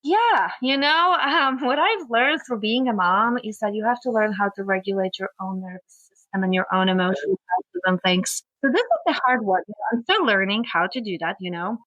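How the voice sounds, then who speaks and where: A woman's voice: medium pitch, normal speed, few pauses, no echo, muffled recording. A middle-aged woman from Poland, a therapist and guest, talking in a casual chat and acting out what her family says. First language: Polish. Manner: animated storytelling, acts out family quotes.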